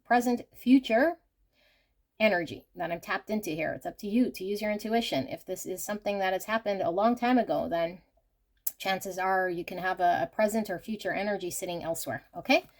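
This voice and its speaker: A woman giving an intuitive tarot reading, gentle and effusive, often exclaiming in delight as she talks while laying out cards. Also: medium pitch. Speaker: tarot reader.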